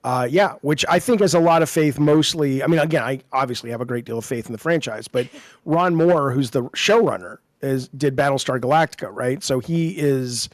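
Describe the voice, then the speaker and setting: A man's voice: mid-range voice, normal speed, no echo. Guy in casual chat, mid voice, dry close mic, explains stuff a lot. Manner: questioning, explains at length.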